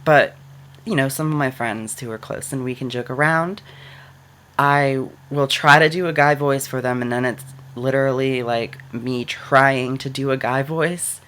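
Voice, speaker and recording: A woman's voice: a bass voice, a little slow, a bit bright. A woman vlogger giving casual advice into her computer camera, talking loosely with lots of "like" fillers. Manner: chatty, many "like" fillers.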